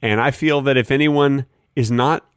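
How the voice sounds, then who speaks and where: A man co-hosting a comedy podcast, telling stories deadpan and acting mock-indignant. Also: medium pitch, normal speed, clear, resonant tone, no room sound, clean studio sound. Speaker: podcast co-host. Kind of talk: casual comedic chat.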